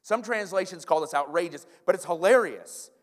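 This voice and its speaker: Male pastor, higher voice, lively sermon with restarts, long reverb of a church hall. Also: moderate pace. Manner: animated, stumbling restarts and repeated words. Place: church sanctuary.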